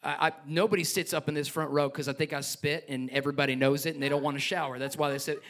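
A man's voice: on the high side, flat delivery, quick pace, a bit bright. A man preaching a sermon as pastor, reading scripture and joking with the congregation, with a passionate delivery. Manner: passionate, joking asides, reads scripture aloud.

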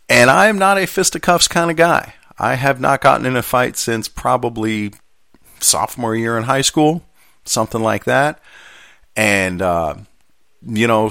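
A man's voice: medium pitch, gravelly, a bit bright, no echo, clean studio sound. A mail carrier, a man telling a story from his job in a casual, rambling, conversational way with self-deprecating asides.

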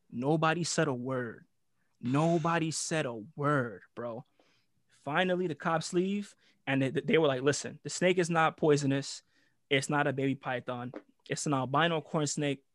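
Young man, New York accent, casual storyteller, profane and animated, dry close mic. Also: a little high, dry recording. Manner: animated, profane, slangy, acts out voices. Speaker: guest storyteller.

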